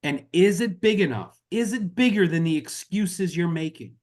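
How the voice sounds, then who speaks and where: A network marketing team leader rallies his group on a call with a motivational talk, his voice high-pitched, a little mellow, and lively in intonation at a normal speed. He's earnest and impassioned, saying "y'all" again and again.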